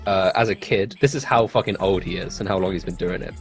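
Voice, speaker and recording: A man's voice: deep voice, fast talker, vocal fry, faint music behind. A young man from England with an English accent, chatting as an interview guest in a laid-back, rambling way. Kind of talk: casual interview chat.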